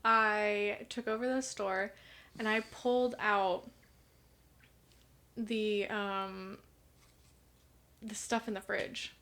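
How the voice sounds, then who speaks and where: A woman's voice: mid-range voice, flat delivery, extremely slow, pauses often, fairly bright tone. A young woman co-hosting a casual sibling podcast, chatting and telling workplace stories with acted-out quotes. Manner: chatty storyteller, acts out quotes. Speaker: podcast co-host. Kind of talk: casual chat.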